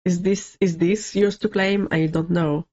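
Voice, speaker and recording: A streamer co-host rambling through casual explanations, laughing often. The voice sits at a middle pitch. The recording is dull and lo-fi. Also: fairly even intonation, a little slow, darkish tone. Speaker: VTuber co-host.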